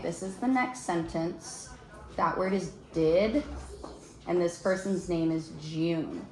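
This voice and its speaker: A woman teacher leading a small-group reading lesson, patient and encouraging, slowing down to explain letter sounds. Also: fairly low pitch, echoey room. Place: classroom.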